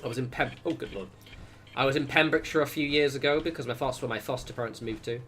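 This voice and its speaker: A man's voice: mid-range voice, fast, fairly bright tone. A man from Southwest England with a Southern English accent, chatting casually and rambling on a gameplay livestream, swearing now and then and reacting aloud. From England (Wiltshire, Southwest). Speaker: game streamer.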